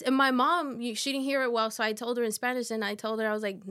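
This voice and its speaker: Brief: woman in her 30s, podcast guest, slightly high voice, halting and soft. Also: steady tone, clear, resonant tone. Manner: halting, soft storytelling with many fillers. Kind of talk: casual conversation.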